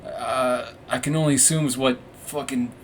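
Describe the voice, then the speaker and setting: A young man rambles through a personal story in a loose, profane monologue, laughing at himself and restarting his sentences. His voice sits at an ordinary middle pitch. A faint ambient hum sits behind him. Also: fairly even intonation, normal speed. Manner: rambling, profane, self-mocking, with frequent restarts and fillers. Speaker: podcast host. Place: room with warm orange lighting.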